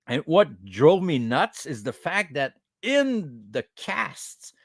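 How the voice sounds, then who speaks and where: A man from Quebec with a Québécois accent hosts a casual podcast, his voice rising and falling in a lively way. He mixes English and French and stumbles through fillers and restarts. The sound is dry and close, with little room around it. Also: a little high, slow pace, no room sound. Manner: animated, switches between English and French, many fillers and restarts; mimics other accents in bursts. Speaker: podcast host.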